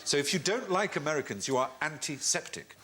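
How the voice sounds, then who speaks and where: Man, quiz show host, wry storyteller, animated pitch, noisy recording. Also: brisk. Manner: wry, playful, storytelling delivery. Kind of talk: panel show hosting with anecdotes.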